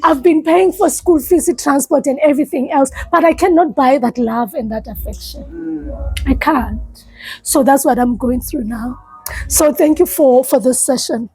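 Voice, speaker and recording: A South African woman, a life coach, giving an earnest, halting personal testimony in a support session and often repeating herself. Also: sits high, a little mellow, faint music behind, poor audio.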